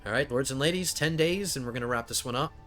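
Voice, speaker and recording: A man's voice: mid-range voice, fast talker, fairly bright tone, soft background music. A man hosting a strategy game let's play, thinking aloud and often stumbling over his words. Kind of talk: casual gameplay commentary.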